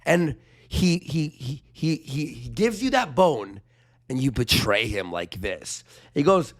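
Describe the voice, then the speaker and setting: A man's voice: mid-range voice, big pitch swings, takes it slowly. A man streaming commentary who reads messages aloud in a sarcastic, incredulous way. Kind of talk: casual commentary reading messages.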